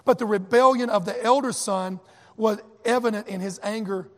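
A man's voice: high voice, moderate pace, a bit bright, in a large hall. A man preaching a sermon as pastor, with emphatic repetition and acted quotes.

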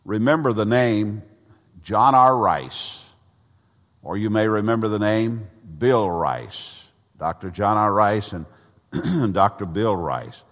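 Older pastor, lowish voice, emphatic folksy sermon delivery, hall reverb. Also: male voice, expressive, a bit bright. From Tennessee, USA. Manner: preaching with emphatic pauses, folksy anecdotes.

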